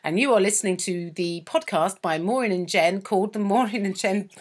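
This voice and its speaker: A woman's voice: mid-range voice, fairly quick. A middle-aged woman co-hosting a comedy podcast, chatting casually, laughing often and slipping into silly voices. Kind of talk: casual chat.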